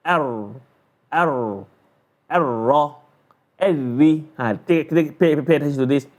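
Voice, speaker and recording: A man's voice: on the high side, takes it slowly, long pauses, darkish tone. A man teaching Quran letter sounds, patiently drilling syllables one by one and explaining each point.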